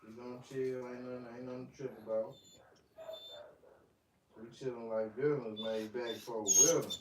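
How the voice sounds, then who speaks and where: A man gently calming his dogs with slangy, repetitive reassurance while vlogging. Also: mid-range voice, normal speed, distant mic. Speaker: dog owner vlogger. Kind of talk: casual talk to dogs and viewers. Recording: echoey room, off-mic, faint noise.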